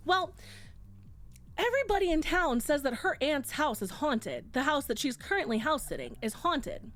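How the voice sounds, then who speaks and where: A high, very lively woman's voice, animated and quick to laugh, swearing freely as she chats with her stream about a book. Faint music runs in the background. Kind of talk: casual chat, retelling a book.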